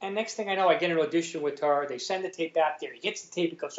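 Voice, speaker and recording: A middle-aged man with a New York accent, a guest telling a story in animated, chatty fashion, acting out other people's lines and laughing often. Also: a little high, quick pace. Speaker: guest, actor and former police sergeant. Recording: roomy, slightly dull lo-fi sound.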